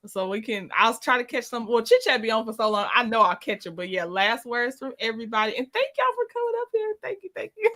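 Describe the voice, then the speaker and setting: A woman hosting a casual livestream chat while drawing, effusive and quick to laugh. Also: on the high side, big pitch swings, a bit bright. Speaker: livestream host, artist.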